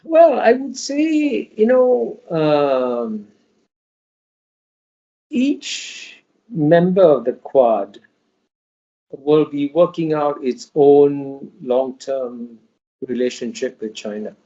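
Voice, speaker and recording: A man's voice: on the high side, sing-song, very slow, long pauses, mellow. A man giving emphatic interview answers in a lecturing way, often restarting his sentences. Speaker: interview guest. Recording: dull lo-fi audio.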